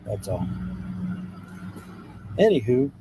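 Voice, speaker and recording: A man's voice: mid-range voice, big pitch swings, slow, background noise. A man from Ohio with an Ohio accent, rambling casually and greeting his livestream chat, repeating himself as he goes. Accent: Southwest Ohio. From Hamilton, Ohio, USA. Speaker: livestream host. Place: outdoors beside idling trucks. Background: faint engine idling.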